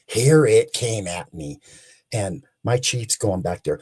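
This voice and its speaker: A husky, lowish voice belongs to a man in his sixties, spinning an excited story as a guest. He rambles and restarts mid-sentence, but keeps the tale rolling. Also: slow pace. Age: 60s. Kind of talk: animated storytelling.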